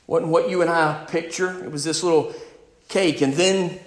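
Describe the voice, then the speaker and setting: High-voiced preacher in an echoey hall. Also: male voice, fairly even intonation, moderate pace. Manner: emphatic, rising and falling in volume, speaks directly to the congregation. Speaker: pastor. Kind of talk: sermon.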